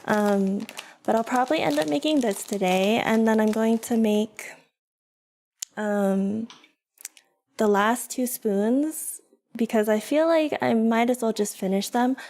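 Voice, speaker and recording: A woman's voice: a little high, unhurried, darkish tone. A young woman streaming, chatting casually and giggling as she talks to her viewers and her dogs. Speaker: vtuber streamer. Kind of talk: casual livestream chat.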